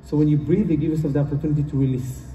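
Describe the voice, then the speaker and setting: Rapid-fire and steady in tone, a man with a fairly high, warm voice gives a motivational talk at a conference. The mic sits far off in a roomy hall, and there is a faint hiss or hum. His manner is earnest, with repetition and non-native turns of phrase.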